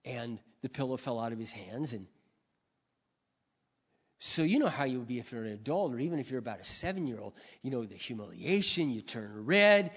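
A man preaching a sermon, telling stories with big swings between quiet and shouted passages. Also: mid-range voice, expressive, a little fast, slightly rough. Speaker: pastor. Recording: dull sound with long hall reverb.

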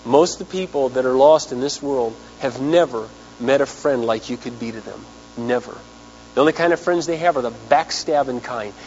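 A man's voice: mid-range voice, moderate pace, darkish tone. A man preaching a sermon as pastor, telling stories and asking the congregation rhetorical questions. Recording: dull lo-fi 1990s sermon tape with faint mains hum.

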